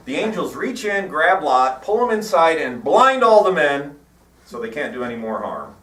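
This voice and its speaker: A man giving a sermon in a church, telling stories in an irreverent, wry, animated way. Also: on the high side, normal speed. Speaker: preacher. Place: church hall. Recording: echoey hall, mic at a distance.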